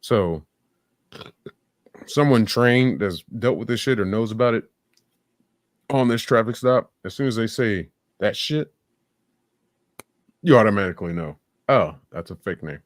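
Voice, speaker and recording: A man's voice: on the low side, lively intonation, unhurried, pauses often, dry recording, studio quality. A man giving blunt, sarcastic live reaction commentary, swearing freely. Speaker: streamer reacting to videos.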